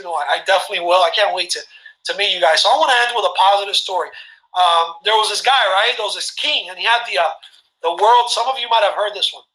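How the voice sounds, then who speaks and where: Animated, bright-voiced storyteller man from Cuba. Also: high-pitched, rough recording. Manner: animated, rambling, self-interrupting. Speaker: webinar presenter. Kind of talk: casual storytelling.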